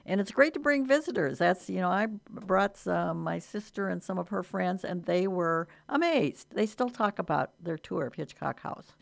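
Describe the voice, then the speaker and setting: Woman radio host, slightly low voice with fry, friendly interview chatter. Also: lively intonation, moderate pace, hardly any pauses.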